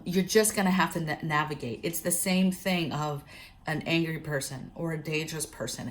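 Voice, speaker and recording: There's a little hiss or hum on the recording of this low-pitched woman, a prepping vlogger. In a casual, chatty style she tells a story and gives advice to camera, frequently speaking right to her viewers.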